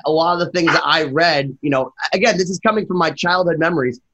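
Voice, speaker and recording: A man hosting a casual interview, asking animated, joking, profane questions. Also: a little high, fast talker. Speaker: podcast host. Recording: slightly dull sound.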